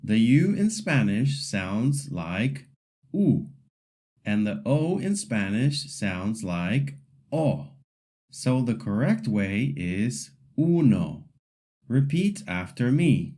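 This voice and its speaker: A Spanish pronunciation teacher runs a scripted lesson in a mellow, unhurried voice. His sing-song pitch rises and falls freely as he clearly models each word for students to echo.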